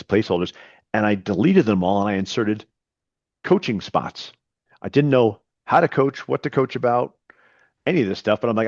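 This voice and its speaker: Middle-aged male coach, low voice, earnest storyteller who stumbles and repeats words. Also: a little mellow, no echo, dull audio. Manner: earnest, with frequent repetitions and restarts. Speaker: podcast guest, coach. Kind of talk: storytelling in an interview.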